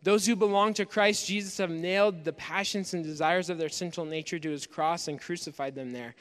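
A man's voice: high voice, steady tone, brisk, a bit bright, smooth. A male pastor giving a conversational sermon, full of fillers and acted inner voices. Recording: long reverb of a large room.

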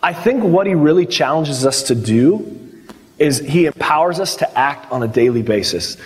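A slightly high-voiced man preaching in a casual, conversational way, acting out the people he quotes. His voice rings with a long hall reverb, as if recorded in a large church hall. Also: animated, normal speed. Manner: conversational, acts out quotes in the story. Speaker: pastor. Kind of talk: sermon.

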